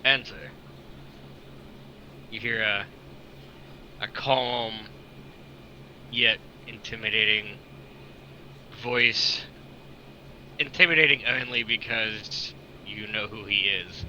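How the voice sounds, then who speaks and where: Male game master, very bright tone, relaxed and loose, faint noise behind. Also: fairly low pitch, slow, long pauses, rough recording. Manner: relaxed, swears, laughs often. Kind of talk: casual narration of a tabletop game.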